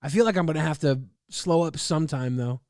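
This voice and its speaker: A man streaming casually, reading and answering chat in a loud, profane, combative rant. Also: on the high side, a little fast, dry recording, clean studio sound.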